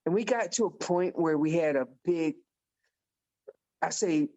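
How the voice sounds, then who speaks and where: A man guest on a podcast, telling a hunting story in a casual, animated way and acting out the dialogue. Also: fairly high pitch, a little slow. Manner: animated storyteller who acts out quoted dialogue. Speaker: podcast guest, elk calling champion.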